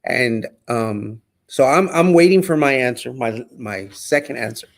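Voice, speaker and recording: A middle-aged man casually telling a personal story, animated and quoting others as he goes. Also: mid-range voice, a little slow, gravelly. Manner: animated, acts out quotes. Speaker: guest.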